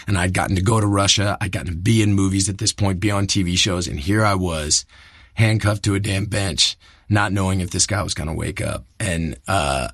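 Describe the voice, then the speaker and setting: Earnest low-voiced man, halting restarts. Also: a bit bright, dry recording, clean studio sound. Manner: earnest, halting, many restarts and repeated words. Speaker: actor, guest. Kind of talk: candid interview storytelling.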